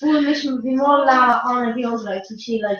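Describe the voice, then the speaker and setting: A woman's voice: on the high side, moderate pace, a bit bright. A young woman chatting casually with friends, rambling and laughing often. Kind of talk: casual chat among friends. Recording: echoey, distant, dull lo-fi.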